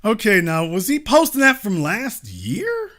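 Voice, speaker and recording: Hosting his own political show, this man speaks at a measured pace in a high, slightly bright voice with huge swings in pitch. He delivers animated commentary in an emphatic, mocking style, repeating his lines for effect.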